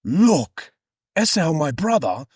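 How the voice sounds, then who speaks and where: A man voicing a nervous young man who pleads slowly and earnestly with his mother. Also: a little high, big pitch swings, a little mellow, breathy edge, no room sound, studio quality, pitched above the performer's own voice, exaggerated voice. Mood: worried.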